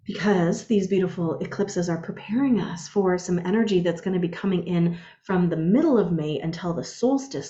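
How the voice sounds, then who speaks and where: A woman giving a spiritual guide's casual energy update, telling personal stories in an animated way. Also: fairly low pitch, dull audio. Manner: animated storyteller, acts out her own quotes.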